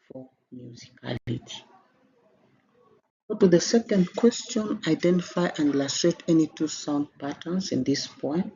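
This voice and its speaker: A man's voice: fairly high pitch, darkish tone. A man with a Kenyan English accent, teaching an exam revision lesson step by step and lifting his voice at each new question. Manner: explains step by step with a rising, emphatic lift at each new question. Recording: slightly dull, with faint background noise.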